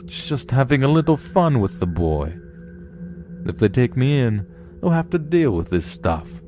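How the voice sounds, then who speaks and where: A man's voice: medium pitch, very animated, a little slow, dark tone, voice pushed up. A man voicing a cruel, taunting male demon with a smug, mocking manner, music playing behind. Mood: gleeful menace. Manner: mocking, menacing, gleeful.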